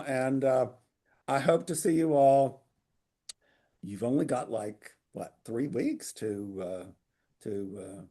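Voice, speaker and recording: Male book club leader, gravelly voice, halting and wry, over a video call. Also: lowish voice, mellow. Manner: hesitant, many fillers and restarts, wry humor. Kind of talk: informal literary talk.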